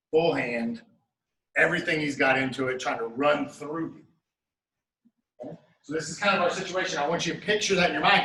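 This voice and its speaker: Male martial arts coach, bright voice slightly high, echoey room, mic at a distance. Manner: steady coaching cues, talks through moves step by step. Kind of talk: class instruction. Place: training studio.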